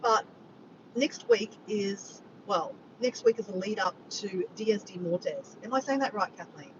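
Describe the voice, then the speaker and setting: Aussie woman rambling on a livestream, muffled far-off mic, loud rumbly vehicle noise behind her. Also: unhurried. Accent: Australian. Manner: rambling, reads out the chat and greets viewers by name. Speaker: vlogger hosting a livestream. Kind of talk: casual live chat with viewers.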